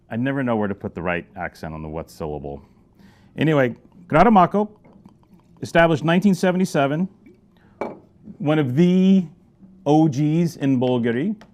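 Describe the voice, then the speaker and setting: A middle-aged man giving a casual wine review, animated and joking, with sudden loud exclamations. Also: moderate pace, long pauses. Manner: animated, joking, exclaims loudly, swings pitch and volume. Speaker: wine shop presenter.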